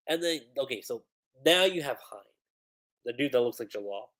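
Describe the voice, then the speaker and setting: A man giving casual, excitable commentary on a manga chapter during a livestream. He talks with lots of "like" fillers. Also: medium pitch, moderate pace. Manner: excitable, animated, full of "like" fillers, breaks into laughter.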